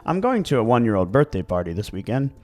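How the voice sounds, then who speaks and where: A man with a Baltimore accent co-hosting a casual podcast chat, animated and quick to act out voices. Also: medium pitch. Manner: animated, acts out dog voices. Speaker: podcast co-host.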